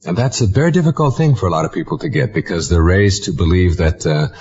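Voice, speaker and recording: A man calmly explaining an idea in a measured talk, pausing with fillers now and then. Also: low-pitched, dull audio. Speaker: lecturer.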